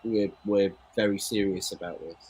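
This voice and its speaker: A man's voice: fairly low pitch, steady tone, moderate pace, a little mellow, husky. A man co-hosting a football watchalong, chatting casually and opinionated, calling his co-host "mate". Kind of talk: casual live match chat.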